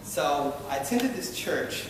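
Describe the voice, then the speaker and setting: A man from Baltimore with a slightly high, sing-song voice speaks slowly, telling a wry, self-deprecating personal story as a live audience laughs along. The event hall is echoey and noisy, picked up by a distant mic.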